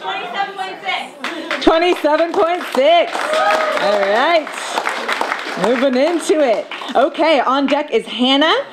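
Slam host reading off scores, slow and jokey, crowd roaring, noisy room. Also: high-pitched, lively intonation. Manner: jokey, unhurried announcing. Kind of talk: emceeing a live poetry slam. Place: bookstore event with a loud crowd.

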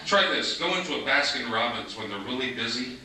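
A man doing a stand-up comedy set on a club stage, telling stories in a deadpan way and slipping into mock voices for other people. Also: medium pitch, a little fast. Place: comedy club stage before a live audience. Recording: echoey 1990s club recording from a distance, noisy. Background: audience laughter.

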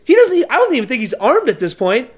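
A man co-hosting a comedy movie podcast, recapping scenes with a dry, wry delivery. His pitch moves around a lot as he dips into mock quotes and jokes. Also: wildly swooping pitch, fast talker. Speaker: podcast co-host. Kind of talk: casual comedic movie chat.

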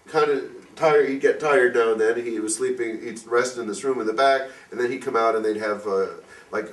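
A man telling an informal religious story at a fireside gathering, rambling with many fillers and acting out the people he quotes. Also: medium pitch. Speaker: fireside speaker. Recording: distant mic in echoey room.

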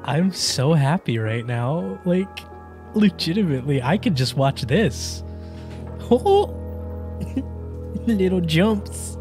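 A woman giving excited let's play commentary, gushing and giggling with lots of delighted exclamations. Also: low-pitched, slow, pauses often, over music, poor audio. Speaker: gaming YouTuber.

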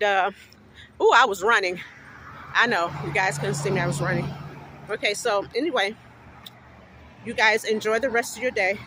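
A woman's voice: mid-range voice, sharp tone, a little hiss or hum. Breathless woman vlogging on her phone. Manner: chatty, affectionate, addresses viewers as you guys. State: out of breath from walking. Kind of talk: casual vlog chat to viewers. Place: outdoors walking, then inside a discount store. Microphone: phone held in hand.

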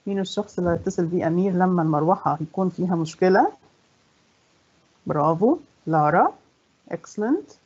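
A woman English teacher with an Egyptian accent, a native Egyptian Arabic speaker, explaining a lesson in Arabic and reading the English questions slowly. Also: on the low side, animated, darkish tone, breathy edge. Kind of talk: bilingual classroom explanation. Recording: dull lo-fi recording.

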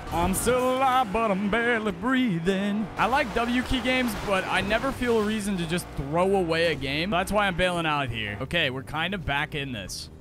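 High-voiced excitable young gamer man. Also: moderate pace, few pauses. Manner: excitable, talks to himself and viewers while playing. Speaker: gaming creator. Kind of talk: casual gameplay commentary. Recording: game music and gunfire behind voice.

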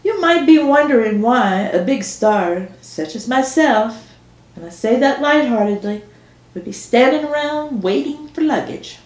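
A woman author reading her own novel aloud in first person, slow and measured. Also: on the high side, lively intonation, darkish tone. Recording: echoey room.

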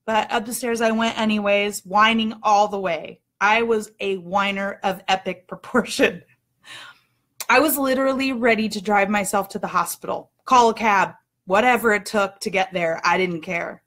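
A woman in her thirties telling a personal story in a candid, expressive way, acting out her own outbursts. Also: medium pitch, moderate pace.

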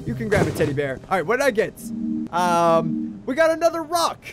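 A young man doing goofy, excitable game commentary, talking to his teddy bear as he plays. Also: high-pitched, fairly quick, music in the background. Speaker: gaming YouTuber.

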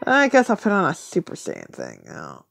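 A woman's voice: lowish voice, huge pitch swings, moderate pace, gravelly, fairly bright tone, dry recording, faint music behind. Woman, casual gameplay commentary, muttering to herself, laughs often, dry close sound. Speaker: mobile game player.

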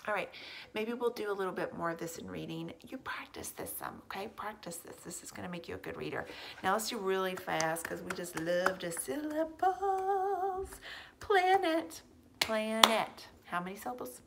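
A woman teacher giving a phonics lesson to young children at home, sounding out letter blends slowly and asking encouraging questions. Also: fairly low pitch, gravelly, background noise.

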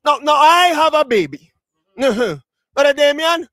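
A very high-voiced man preaches a funeral sermon, speaking slowly and deliberately. He leans into shouted emphasis, stretches out key phrases and repeats himself. The sound is close and dry. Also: lively intonation, no room sound. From Tobago. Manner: addresses mourners directly, repeats words.

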